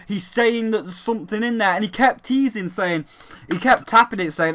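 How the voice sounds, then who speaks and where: A gaming YouTuber giving an excited, rambling recap of a games event, swearing freely. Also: medium pitch, normal speed. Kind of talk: excited event recap while live on a call.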